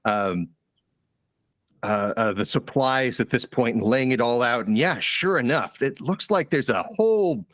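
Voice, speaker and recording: A man narrating a tabletop role-playing game as game master, halting with many fillers and repeated words. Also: mid-range voice, expressive, fairly bright tone, no room sound.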